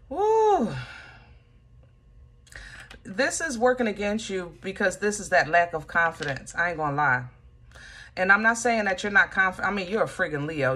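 A woman giving a casual tarot reading, animated and joking, talking straight to the listener with lots of fillers. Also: sits low. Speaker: tarot reader.

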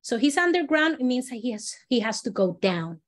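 A woman's voice: on the high side, very animated, fairly quick. Chatty woman teaching a storytelling workshop. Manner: chatty, many fillers and restarts, acts out examples. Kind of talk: casual teaching talk.

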